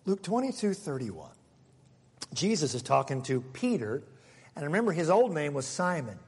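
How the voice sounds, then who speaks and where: A man preaching a sermon as pastor, animated, dropping into hushed asides. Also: a little high, moderate pace, slightly rough. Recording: long reverb of a large hall.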